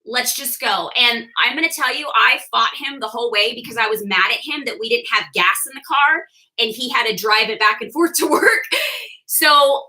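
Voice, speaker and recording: A young woman shares her personal testimony with a team, lively and quick to laugh. Her voice sits high and sounds sharp and bright. She acts out the lines of the people in her story. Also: poor audio. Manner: animated storyteller, laughs often, acts out quotes. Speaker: direct sales leader sharing her story.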